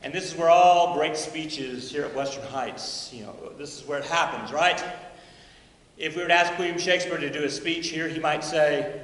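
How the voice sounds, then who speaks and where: A man giving a recorded keynote speech at a school induction ceremony, moving around a high school auditorium and telling stories in a playful, theatrical way. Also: normal speed, fairly bright tone. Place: high school auditorium, stage and control booth. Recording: echoey auditorium reverb.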